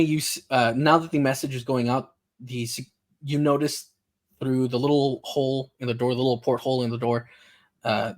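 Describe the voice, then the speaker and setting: Man, game master, tabletop narration, middling pitch, halting, lots of fillers.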